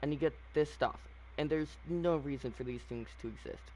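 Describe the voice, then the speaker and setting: A man's voice: a little high, brisk, darkish tone. Opinionated man rambling over a game menu. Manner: opinionated, rambling, frequent fillers and restarts. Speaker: gaming channel host. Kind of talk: casual gameplay commentary.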